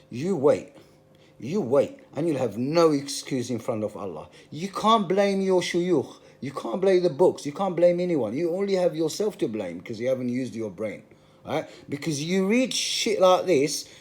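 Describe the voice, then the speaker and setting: A man's voice: high-pitched, darkish tone. A man giving an emphatic, passionate monologue, full of repetition and rhetorical questions. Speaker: religious commentator.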